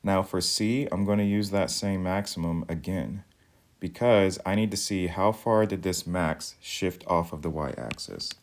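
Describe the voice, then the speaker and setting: Deep-voiced man teaching math. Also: unhurried. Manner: calm, methodical, explains step by step. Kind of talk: recorded video lesson.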